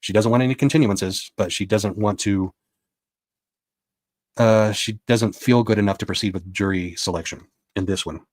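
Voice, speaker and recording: A man's voice: fairly low pitch, moderate pace, darkish tone, dry recording. A man giving a casual spoken recap of a court session as a reporter, retelling what was said with quoted dialogue.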